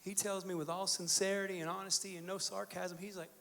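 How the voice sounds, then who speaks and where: A man's voice: high voice, flat delivery, brisk, gravelly, a bit bright. A pastor in his thirties or forties giving a sermon in a church, casual and joking, telling stories with many fillers. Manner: conversational, joking storytelling with fillers. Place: church sanctuary.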